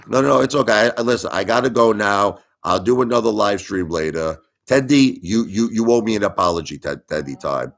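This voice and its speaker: A middle-aged man ranting indignantly and repeating himself as he pleads with viewers on his livestream. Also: low voice. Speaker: livestream host.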